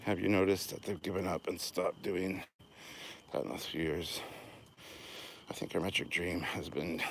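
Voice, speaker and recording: Man, deep voice, out of breath, casual chat, night walk outdoors, faint noise behind. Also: steady tone, unhurried, long pauses, fairly bright tone. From Canada. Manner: chatty, self-deprecating, answers viewer questions. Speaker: channel host. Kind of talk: casual live-stream chat while walking.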